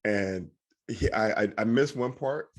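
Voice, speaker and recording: A man's voice: lowish voice, unhurried. A man co-hosting a podcast in casual chat, easygoing, laughing often and retelling jokes in quoted voices. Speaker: podcast co-host.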